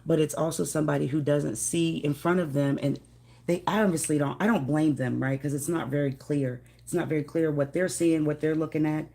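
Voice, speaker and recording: Low gravelly woman reading tarot. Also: fairly even intonation, brisk, warm tone. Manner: chatty, affectionate, greets viewers by name. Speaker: tarot reader. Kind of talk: casual live tarot reading.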